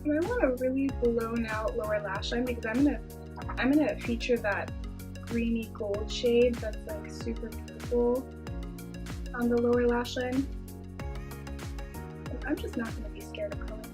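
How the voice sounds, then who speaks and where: A woman beauty vlogger narrating a casual makeup tutorial in a chatty way, gushing with quick exclamations over the shades. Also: fairly high pitch, music in the background.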